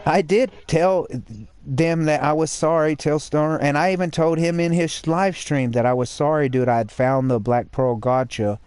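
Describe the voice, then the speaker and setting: A man's voice: medium pitch, a little mellow, slight background noise. A man streaming, chatting casually and bluntly about a game, rambling and swearing.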